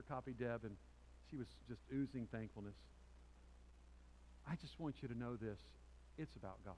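A pastor preaching a sermon to his congregation, telling a personal story with restarts and asides, swinging from loud emphatic peaks to quiet, intense lines. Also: medium pitch, a little hiss or hum, low-quality recording. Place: church sanctuary before a congregation.

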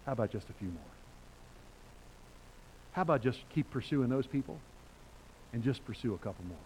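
A man preaches to his congregation in a conversational, emphatic way, breaking into loud bursts. His voice sits in a middle pitch. A faint hiss runs under the recording. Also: lively intonation, moderate pace, poor audio. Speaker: pastor. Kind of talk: sermon.

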